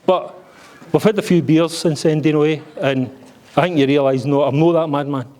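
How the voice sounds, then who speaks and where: Joking Scottish dad giving a wedding speech. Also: male voice, a little high, fairly even intonation, moderate pace, a little mellow. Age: middle-aged. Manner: joking, blunt, swears freely. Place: wedding reception hall.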